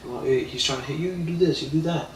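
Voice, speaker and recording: A man's voice: on the high side, slight background noise, pitched above the performer's own voice, natural voice. Man playing a pushy party boxing coach, repeats his pointers, echoey room, far from the mic. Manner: rapid repetitive instructions. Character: eager male amateur boxing coach at a party. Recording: roomy, distant mic.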